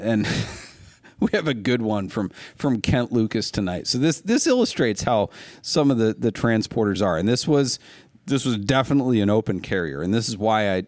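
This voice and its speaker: A podcast host with a fairly low voice tells stories and gives advice in a casual chat, rambling along with many fillers and restarts. The studio sound is clean, with no echo.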